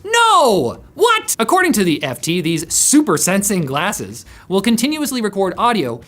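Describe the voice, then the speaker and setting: Sarcastic, lively female tech presenter. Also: mid-range voice, moderate pace. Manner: sarcastic, playful. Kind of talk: scripted news with sarcastic jokes.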